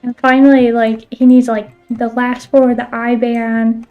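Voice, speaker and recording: A woman's voice: fairly high pitch, flat delivery, unhurried, narrow, tinny audio, soft background music. A woman streaming a game and chatting casually, filling her talk with "like" and the odd swear word. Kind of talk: casual chat while playing a game.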